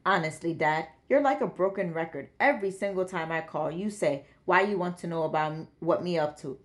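A woman reads aloud as a grown academic daughter talking to her father, brisk and fondly chiding. The voice sits slightly low and stays close to the reader's own. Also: animated, lightly acted. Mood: exasperated. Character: grown daughter, an academic, fond but exasperated.

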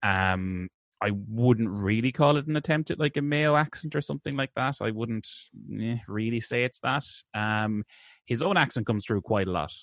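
A man co-hosting a casual film review chat, animated and laughing often, with stammering restarts. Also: mid-range voice, moderate pace, no echo, studio quality. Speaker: podcast co-host.

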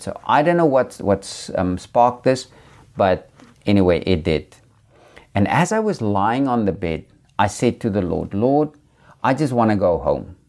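A low-voiced man from Africa preaches and tells a personal testimony. He speaks earnestly and without hurry, circling back over his own words as he goes. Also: darkish tone.

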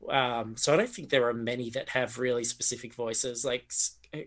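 A man's voice: medium pitch, steady tone, moderate pace. A man, a game master chatting in an interview, thinking aloud with lots of fillers and restarts. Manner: reflective, rambling, with many fillers and restarts. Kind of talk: casual interview chat.

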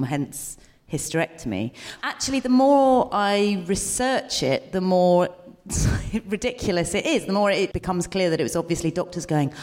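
A woman's voice: lowish voice, a little mellow, big-room sound. A woman co-hosting a live comedy podcast, musing playfully and thinking aloud. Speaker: podcast co-host.

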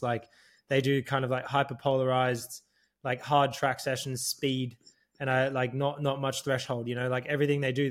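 A young man, co-host of a casual podcast chat, telling animated stories with frequent laughter and swearing. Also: mid-range voice.

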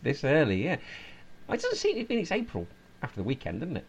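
Casting: podcast host, animated pitch, teasing and chatty. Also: male voice, quick pace, vocal fry, highs cut off. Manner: lively, teasing, reads out stats. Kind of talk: casual chat.

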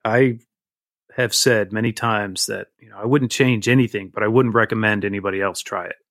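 A man's voice: lowish voice, fairly even intonation, a little fast, a bit bright, dry recording, studio quality. Candid man in his forties telling stories. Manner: candid, rambling, self-deprecating. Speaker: guest. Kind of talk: casual interview storytelling.

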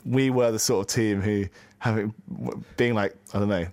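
Dry teasing podcast co-host. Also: male voice, on the low side, steady tone, moderate pace, vocal fry, a little mellow, no room sound. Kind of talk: casual chat.

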